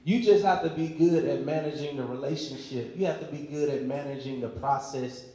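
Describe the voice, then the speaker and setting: A man's voice: a little high, brisk, dark tone. Confident man talking in an echoey hall. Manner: confident, emphatic salesman's delivery. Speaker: panelist. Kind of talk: panel talk to a live audience. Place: large hall at a community event.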